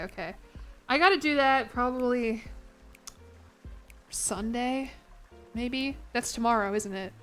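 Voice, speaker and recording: A young woman with a slightly high, fairly bright voice streams a game while rambling and giggling. She's chatting casually with her viewers in the live chat.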